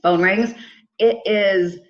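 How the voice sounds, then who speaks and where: A middle-aged woman tells a personal story as a podcast guest. She talks in a lively, animated way and slips into quoted voices for the people in it. The recording sounds dull and lo-fi. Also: medium pitch, slow. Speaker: podcast guest, charity founder. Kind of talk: casual storytelling.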